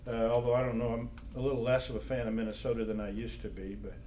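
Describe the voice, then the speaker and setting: A man's voice: mid-range voice, steady tone, quick pace, warm tone, slight background noise. A man leading an informal Bible study, quizzing the group with questions in a conversational way. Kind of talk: informal Bible class teaching. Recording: echoey room.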